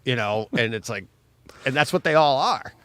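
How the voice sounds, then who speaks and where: A man's voice: medium pitch, expressive, normal speed, a bit bright, clean tone, dry recording. A man co-hosting a podcast in laid-back chat full of fillers. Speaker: podcast co-host.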